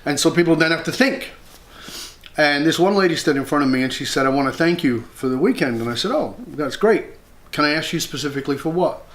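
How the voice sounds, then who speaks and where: A man's voice: fairly high pitch, expressive, fairly quick, fairly bright tone. Candid man telling a personal story. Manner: reflective, candid, earnest, with blunt swearing; often acts out his own past words. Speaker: interview guest, leadership mentor.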